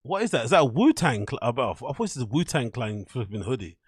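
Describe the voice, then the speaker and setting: A man's voice: mid-range voice, big pitch swings, quick pace, a little hiss or hum. A man hosting a casual commentary show, swearing freely, laughing often and talking to his chat viewers. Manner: crude, swearing, laughs a lot; chats to live chat viewers. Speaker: show host. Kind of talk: casual commentary on online clips.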